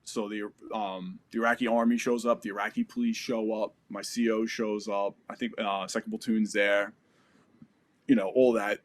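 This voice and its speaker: An American man in his forties, appearing as a podcast guest, tells a war story casually, profanely and vividly, acting out the dialogue. His voice is fairly low with little pitch movement, at normal speed.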